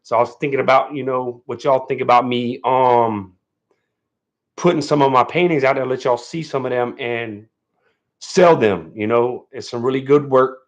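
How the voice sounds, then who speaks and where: A man talks loosely to his livestream viewers, rambling and dropping fillers as he goes. He sounds a bit nervous but stays relaxed. The sound is dull and lo-fi. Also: medium pitch, moderate pace. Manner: laid-back, rambling, lots of fillers and "man"; a little nervous. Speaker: livestream host. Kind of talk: casual livestream chat.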